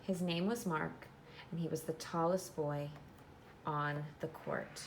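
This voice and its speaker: A woman teacher giving a classroom read-aloud of a storybook, reading in a clear, instructive way and pausing to explain. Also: low voice, steady tone, a little hiss or hum.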